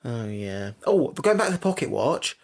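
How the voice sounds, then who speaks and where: A man's voice: mid-range voice, sing-song, moderate pace. Teasing man in casual podcast banter. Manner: teasing, blunt, playfully stubborn. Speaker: podcast co-host. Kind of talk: casual chat.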